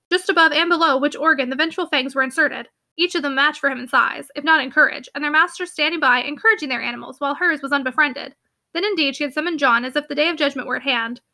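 Quick, bright-voiced woman narrating. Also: high voice. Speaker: audiobook narrator. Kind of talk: audiobook narration of a classic novel.

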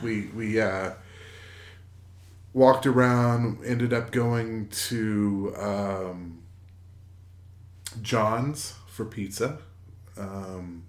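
A man in his forties, a podcast co-host, telling a casual story in a rambling, halting way with many fillers and restarts. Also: on the low side. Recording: echoey room.

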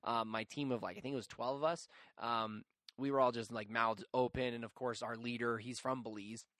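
A young man hosting a podcast and telling a story. He talks in a chatty, animated way and pokes fun at himself. His voice sits at a middle pitch, and the recording is dry and close. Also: a little fast, no room sound. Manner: animated, chatty, self-mocking, with many fillers. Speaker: podcast host. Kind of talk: casual storytelling.

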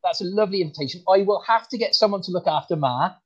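A man voicing a bumbling rural farmer comedian with a rural English accent, talking in a halting, stammering, folksy way. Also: high voice, slightly rough. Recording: dull lo-fi sound.

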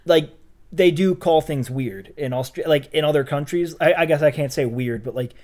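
A woman's voice: deep voice, darkish tone. A young woman co-hosting a podcast, reacting and joking in casual chat about a reality show. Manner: quick reactions, playful, swooping emphasis. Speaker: podcast co-host.

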